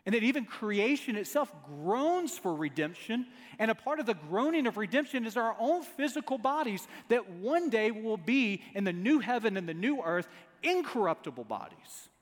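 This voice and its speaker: A man delivers a sermon with a high, expressive voice that swings up and down. He preaches with an emphatic, repeating rhythm, and a long hall reverb trails behind each phrase. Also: normal speed. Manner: emphatic, repetitive preaching cadence. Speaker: pastor.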